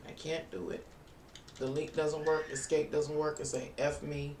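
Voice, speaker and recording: In a casual live stream, a tarot reader thinks aloud to viewers while using a computer indoors. The medium-pitched voice shows little pitch movement and runs at normal speed, with heavy background noise. It's recorded on a distant mic in a roomy space with faint music.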